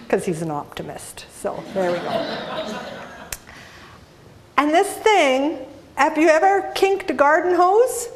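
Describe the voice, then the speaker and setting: A Canadian woman giving a humorous talk as an inspirational speaker, telling animated stories and asking the audience questions. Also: sits high, slow, pauses often, slight background noise.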